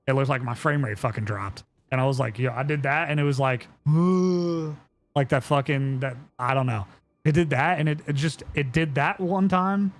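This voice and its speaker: A man's voice: fairly high pitch, moderate pace, a little hiss or hum. Rambling young man streaming. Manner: rambling, filler-heavy, profane storytelling. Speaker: live streamer. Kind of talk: casual live-stream chat.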